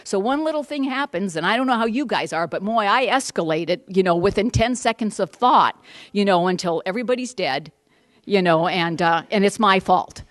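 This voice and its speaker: A woman's voice: mid-range voice, expressive, normal speed, no room sound. A middle-aged woman giving a candid, rambling personal testimony at a support group meeting, with wry asides and many restarts.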